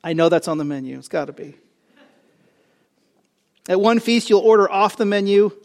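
Animated high-voiced male preacher. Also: normal speed, gravelly. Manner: animated preaching, rising loud on key phrases, joking asides. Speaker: pastor. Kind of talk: sermon.

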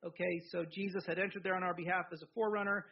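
A man preaching a sermon in a lively, conversational way, with jokes and asides to the congregation. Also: sits high, rapid-fire, lo-fi sound. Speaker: pastor.

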